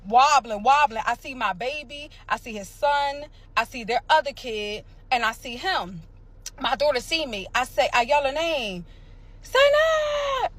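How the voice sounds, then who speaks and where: A woman from the area, telling a dramatic personal story in a casual, animated way. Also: on the high side, normal speed. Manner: animated, dramatic retelling with sound effects and quoted voices.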